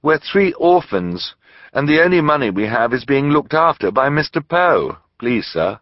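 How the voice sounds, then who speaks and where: A man's voice: mid-range voice, big pitch swings, moderate pace, dry recording, muffled recording, pitched above the performer's own voice, lightly acted. A man voicing a bookish young boy who talks nervously and hesitantly in a storybook reading.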